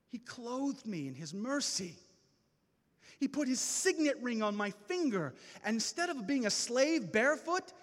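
A man preaching a personal testimony in a high, lively voice that swoops between hushed and ringing. He takes his time, leaning on long dramatic pauses, and his words carry a long echo through a large hall. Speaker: speaker at a men's gathering. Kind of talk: testimony sermon. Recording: reverberant hall.

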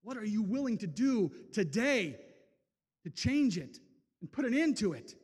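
A man preaching an impassioned sermon, swinging from loud declarations to hushed, slow passages. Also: high voice, very animated, slightly rough, big-room sound. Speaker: speaker at a men's event.

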